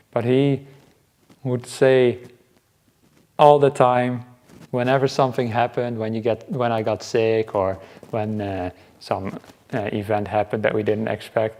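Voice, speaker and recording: A man, a Buddhist monk, giving a relaxed, conversational dharma talk at a meditation retreat, chuckling often and pausing as he talks. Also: lowish voice. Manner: unhurried, with halting pauses.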